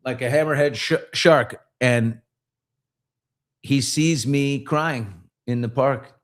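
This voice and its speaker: A middle-aged man hosts a podcast and tells a long story in a relaxed chat. He talks at an average pitch and acts out the people in it with lively put-on voices. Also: takes it slowly. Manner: animated, acts out voices in his stories. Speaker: podcast host.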